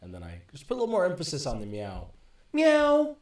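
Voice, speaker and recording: Upbeat man explaining music software. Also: lowish voice, huge pitch swings, racing. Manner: chatty, self-correcting, upbeat explaining. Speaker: music production teacher. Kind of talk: screen-recorded tutorial walkthrough. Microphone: USB desk microphone.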